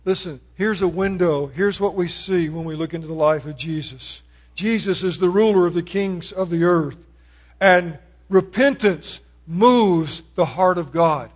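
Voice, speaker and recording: A man with a high-pitched voice preaches a sermon with dynamic delivery. He rises to loud, ringing proclamations, then drops to hushed, pleading appeals. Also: unhurried.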